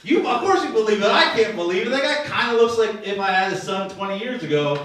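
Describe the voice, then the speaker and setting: A man in his fifties rambles through crude, self-mocking stand-up, chatting with the crowd at an open mic. His voice sits a little high and carries a slight slur from dentures. The recording comes from a distance in a very echoey small venue. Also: lively intonation, fast. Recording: echoey room, mic far off.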